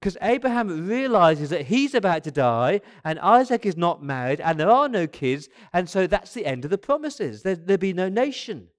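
A man in his fifties with a slightly higher voice for a man delivers a sermon as a pastor. He preaches conversationally, with quick asides and the odd restart. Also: very animated. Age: 50s.

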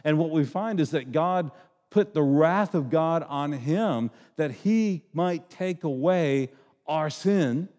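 A man's voice: fairly high pitch, expressive, slow, darkish tone, in a large hall. A middle-aged man preaching a sermon as pastor, in a conversational, joking way, acting out voices.

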